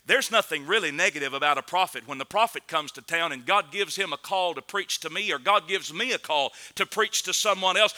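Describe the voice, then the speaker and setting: A man delivers a sermon in a high, strikingly bright voice. He preaches with earnest conviction, building to loud, emphatic peaks and then dropping low and quiet. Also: brisk, hardly any pauses.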